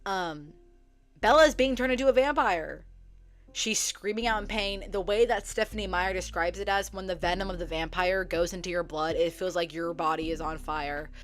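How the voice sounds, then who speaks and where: A young woman, a book vlogger, casually retells a book's story from memory in a fairly low voice at normal speed. She swears freely and acts out the characters' lines, with soft music playing in the background.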